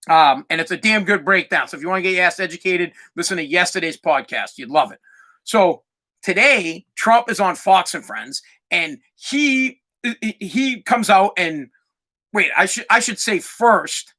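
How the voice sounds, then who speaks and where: Bright-voiced ranting man podcaster. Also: high-pitched. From United States. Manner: crude, swearing, excitable. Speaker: podcast host. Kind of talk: profane ranting monologue.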